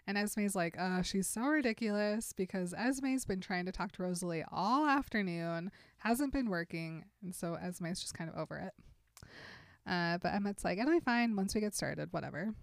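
A woman's voice: medium pitch, dry recording, studio quality. A woman casually retelling a novel's scenes as a podcast co-host, laughing often and quoting the characters in passing. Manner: animated storyteller who laughs often and quotes characters in passing. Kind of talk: casual chat.

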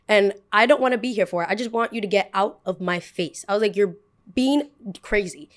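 Young woman host, casual storyteller, animated, voices the people in her story. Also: mid-range voice, fairly quick. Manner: animated, acts out both sides of a dialogue. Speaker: podcast host.

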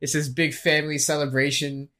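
A man's voice: a little high, flat delivery, pushed and bright. A man co-hosting a podcast, talking eagerly in casual chat and cutting in to add to the story. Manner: eager, fast, jumps in with interruptions. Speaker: podcast co-host.

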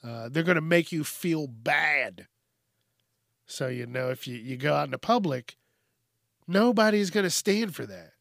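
Slow, blunt, profane man ranting. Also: on the high side, lively intonation, vocal fry, fairly bright tone, dry recording, clean studio sound. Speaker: podcast host. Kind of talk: casual solo podcast monologue.

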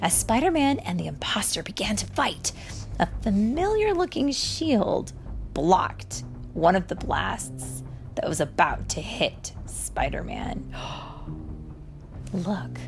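Woman reading a storybook to a child; unhurried and animated, with some vocal fry. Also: medium pitch. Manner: gentle, explaining to a child.

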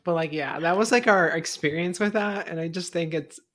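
A woman's voice: lowish voice, normal speed, fairly bright tone. A young woman co-hosting a podcast, telling a story in a casual, rambling way, full of fillers and swearing. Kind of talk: casual chat.

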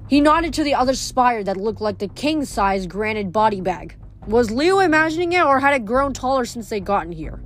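A woman reading a novel aloud in a steady, expressive narration. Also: on the high side, moderate pace, soft background music. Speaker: audiobook reader.

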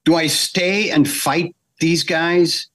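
Animated storytelling man, fairly high voice. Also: slow pace. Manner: animated anecdotes with acted quotes, frequent restarts. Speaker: animator guest. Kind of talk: casual storytelling interview.

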